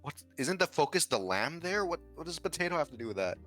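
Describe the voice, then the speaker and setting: A man's voice: on the high side, big pitch swings, fast talker, a bit bright, soft background music. A male guest in a casual chat, sarcastic and given to exaggerated, mock-outraged complaining. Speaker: guest streamer.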